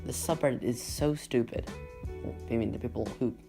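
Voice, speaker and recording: A man's voice: mid-range voice, fairly quick, gravelly. Sarcastic man riffing over guitar music. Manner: sarcastic and incredulous, laughs at own jokes. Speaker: YouTuber reading and mocking Reddit posts. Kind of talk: casual comedic commentary.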